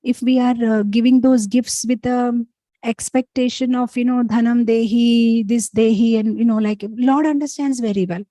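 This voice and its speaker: A woman's voice: on the high side, fairly even intonation, dark tone, no room sound, rough recording. A woman teaching an informal scripture class, talking conversationally with many fillers and telling stories. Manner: conversational, many fillers, chants verses slowly. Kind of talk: informal scripture lesson with storytelling.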